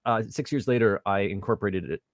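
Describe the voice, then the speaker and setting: Low-voiced man rambling with playful humor. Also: brisk, dry recording, clean studio sound. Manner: rambling, self-deprecating, animated storytelling. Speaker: guest, theatre artistic director. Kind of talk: casual interview over video call. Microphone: home USB microphone on video call.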